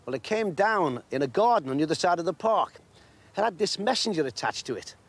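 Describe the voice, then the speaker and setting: A man's voice: sits high, big pitch swings, fairly quick, slightly rough, full character voice. A man as a plain-spoken park keeper. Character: kindly grown-up male park keeper.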